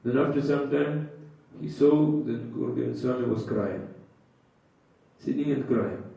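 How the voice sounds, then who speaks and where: A man giving a devotional scripture class in simple broken English, speaking haltingly with frequent pauses and filler sounds. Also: mid-range voice, creaky, dark tone. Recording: echoey, dull, distant hall sound.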